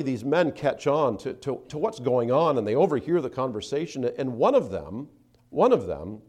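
A man preaching a sermon, acting out the speakers he quotes and dropping to soft asides between them. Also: mid-range voice. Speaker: pastor.

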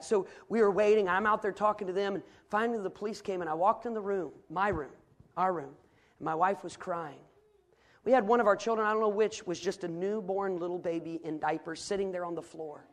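A middle-aged man delivers a sermon. He tells a personal story in a low, intimate tone, then builds to fervent, loud preaching. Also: quick pace.

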